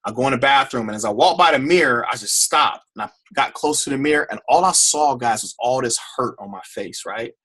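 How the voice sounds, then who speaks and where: A man's voice: mid-range voice, fairly quick, few pauses, fairly bright tone, slightly rough. A man giving an emotional personal testimony to a group on a call, often repeating and restarting his phrases. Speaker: speaker on a team call.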